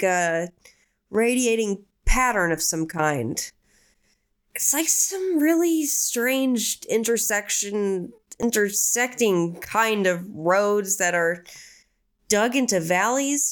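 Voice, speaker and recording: A woman reading a session transcript aloud, describing things in a halting, searching way with many fillers. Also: mid-range voice, smooth.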